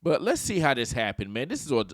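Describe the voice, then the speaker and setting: A man's voice: mid-range voice, huge pitch swings, fast talker, a bit bright, no room sound, studio quality. A man giving casual, opinionated political commentary for his channel, slangy and full of joking asides. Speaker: YouTube commentator.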